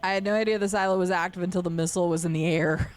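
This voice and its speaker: A woman's voice: lowish voice, fairly even intonation, racing. Sarcastic woman streamer commenting on a game. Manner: sarcastic, talks back to the game. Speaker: streamer playing a video game. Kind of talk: casual gameplay commentary.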